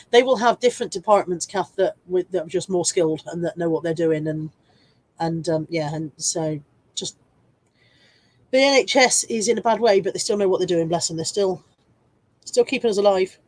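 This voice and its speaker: A woman with a lowish, slightly mellow voice runs a laid-back live stream despite a stuffy cold that keeps her coughing. She rambles, teases herself, and welcomes viewers by name.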